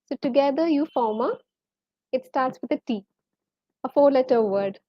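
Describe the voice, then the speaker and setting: Woman, Malayali accent, fairly high voice, live English lesson, dry dull sound. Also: moderate pace, no echo. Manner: reads out viewers' names and answers, quizzes the class. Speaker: English teacher.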